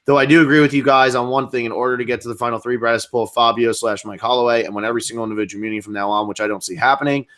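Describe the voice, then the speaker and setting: Bright-voiced man in casual chat. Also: mid-range voice, fairly even intonation. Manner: chatty, quick back-and-forth with filler words. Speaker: podcast co-host.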